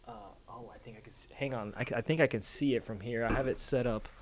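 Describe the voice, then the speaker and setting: A man's voice: mid-range voice, fairly even intonation, fast, a little hiss or hum. A man co-hosting a casual podcast from home over a video call, rambling and joking with friends. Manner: rambling, self-correcting, joking. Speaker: podcast co-host. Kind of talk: casual chat.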